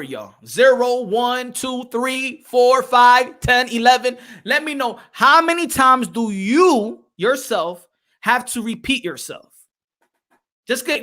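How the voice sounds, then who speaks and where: A man's voice: very high-pitched, pushed and bright. A man hosting a casual livestream podcast, talking animatedly, repeating phrases and calling out to his chat. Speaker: podcast host.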